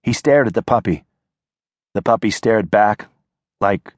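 A man giving measured scripted narration of a short story in an audiobook, on a close studio mic. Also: fairly low pitch, lively intonation, no echo.

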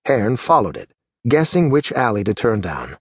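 A man narrating a fantasy audiobook in a measured, steady storytelling manner. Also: fairly low pitch, husky, no echo, clean studio sound. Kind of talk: scripted narration.

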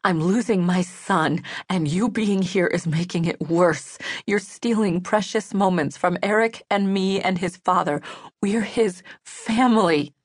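For an audiobook, a woman with a lowish voice plays a bitter, grieving middle-aged mother who scolds angrily and mocks in a clipped way. She speaks unhurriedly with hardly any pauses, and the recording is dry with no room sound.

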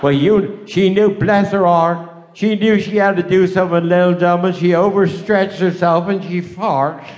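Older West Country stand-up, high-pitched voice, rambling rude anecdotes for a live crowd. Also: male voice, fairly even intonation, moderate pace, a little mellow. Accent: West Country English. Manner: rambling bawdy yarn-spinning with repeated "I said, she said". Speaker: stand-up comedian. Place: live stage show.

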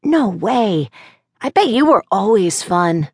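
A woman voicing a sleepy, earnest six-year-old boy who pleads in a drowsy, drawn-out way. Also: medium pitch, very animated, slightly rough, no room sound, studio quality, voice pushed up, heavily acted. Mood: drowsy chatty.

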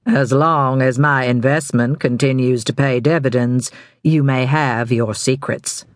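A woman voicing a smug, controlling older male criminal mentor, speaking slowly and with measured self-satisfaction in an audiobook. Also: very deep voice, steady tone, no room sound, clean studio sound.

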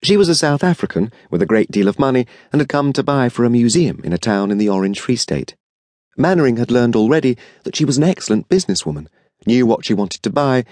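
A man narrating an audiobook mystery with expressive, varied storytelling. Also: mid-range voice, fast, dry recording, clean studio sound. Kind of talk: scripted narration.

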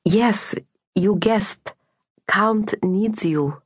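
A woman voicing a shy young servant girl with a soft, lilting Slovak accent who speaks broken English. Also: mid-range voice, extremely slow, husky, pitched above the performer's own voice. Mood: hesitant.

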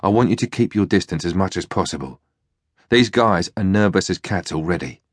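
A man's voice: low-pitched, lively intonation, fairly quick, no room sound, clean studio sound. A man doing a blunt, impatient undercover soldier. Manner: terse, blunt.

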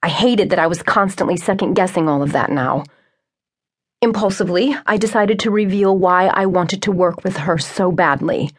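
A woman reading a first-person romance novel aloud in clear, steady, scripted narration. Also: lowish voice, moderate pace. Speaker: audiobook narrator.

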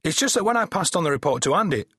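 Guy doing a stuffy sarcastic desk sergeant, voice pushed up high, lots of swing, dry husky sound. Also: sing-song, rapid-fire, bright, forceful tone, dry recording, heavily acted. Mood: prim, sarcastic. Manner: pompous, sarcastic. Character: pompous male desk sergeant, prickly and officious.

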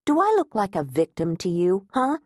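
A woman's voice: medium pitch, huge pitch swings, moderate pace, a little mellow, dry recording, studio quality. A woman voicing a feisty, frightened woman who talks back sharply and defiantly. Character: feisty frightened woman defending her home.

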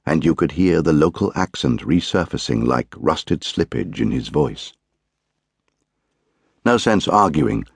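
A man reads a crime novel aloud in a measured, grave, deliberate way. His voice is very deep and the recording is close and dry, with no room sound. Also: gravelly, husky, no echo. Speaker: audiobook narrator. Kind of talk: scripted narration.

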